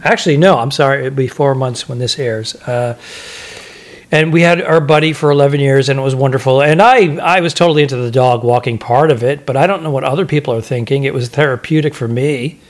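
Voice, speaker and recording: A man's voice: medium pitch, a little fast. A man co-hosting a comedy podcast, chatty and teasing, running the production himself. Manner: chatty, teasing, talks over partner. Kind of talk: casual comedic chat.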